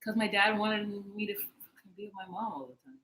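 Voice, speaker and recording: A woman co-hosting a casual recap chat, animated and playful, joining in the jokes. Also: medium pitch, brisk, rough recording. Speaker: co-host.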